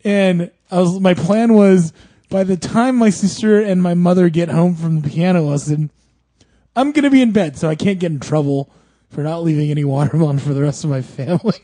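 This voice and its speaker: A man's voice: a little high, steady tone, fairly quick, dark tone, no echo. A man co-hosting a podcast, telling childhood stories in casual chat and laughing often. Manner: chatty storyteller, laughs often. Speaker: podcast co-host.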